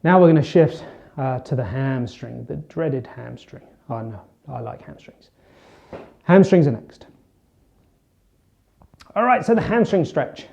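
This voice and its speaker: A man's voice: a little high, measured pace, gravelly, pauses often, lo-fi sound. A man working as a fitness coach, talking casually while he demonstrates stretches. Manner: relaxed, chatty, talks while demonstrating stretches. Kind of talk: instructional demonstration.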